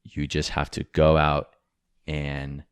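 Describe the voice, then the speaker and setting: Deep-voiced man in casual podcast banter. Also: monotone, slow, smooth, no room sound, studio quality. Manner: rambling, frank, swears freely, jokey. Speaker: podcast co-host.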